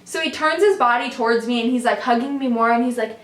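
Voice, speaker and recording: A young woman tells a story in a casual, animated way, full of fillers. Her voice sits high. The room adds a noticeable echo around her. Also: fast talker. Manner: animated, chatty, lots of fillers.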